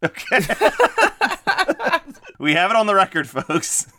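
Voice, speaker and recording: A man's voice: sits high, wildly swooping pitch, slow pace, bright, forceful tone, slight background noise. A man co-hosting a casual podcast chat about movies and music, talking with lots of fillers and frequent laughs. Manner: chatty, laughs often, many fillers. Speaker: podcast co-host.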